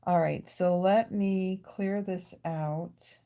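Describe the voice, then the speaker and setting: Slow, chatty woman hosting a craft stream. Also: on the low side, steady tone, gravelly, warm tone. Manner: chatty, thanks viewers by name, talks while tidying her desk. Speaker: host of a live card-making stream. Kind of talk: casual live-stream chat with viewers. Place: home craft studio.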